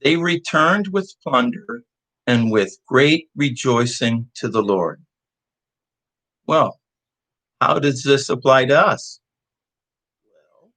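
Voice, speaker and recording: A man's voice: medium pitch, a bit bright, poor audio. A man leading a church devotional, speaking with heartfelt hesitation and reading scripture aloud while recovering from illness. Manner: slow, heartfelt, with hesitant restarts.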